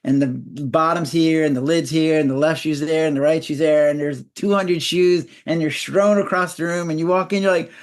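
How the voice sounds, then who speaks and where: A man in his sixties, a physician guest in an interview, explaining in a lively way and acting out little scenes in a raised voice. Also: a little high, moderate pace, hardly any pauses. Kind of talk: conversational interview.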